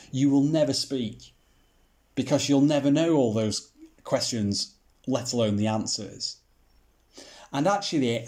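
A man's voice: medium pitch, a little mellow. A man giving a Bible teaching talk, asking rhetorical questions and using mildly sarcastic humor.

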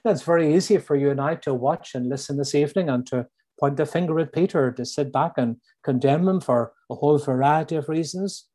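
Speaking with a Northern Irish accent, this middle-aged man from Northern Ireland delivers a sermon, going back over his main lines slowly to drive them home. The pitch sits a little high, and the tone is dark.

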